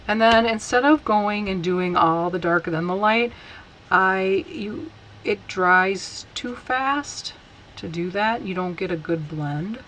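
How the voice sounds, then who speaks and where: A woman teaching a casual stamping tutorial, chatty and unhurried as she talks while working. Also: mid-range voice, fairly bright tone, a little hiss or hum, poor audio. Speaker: card-making instructor.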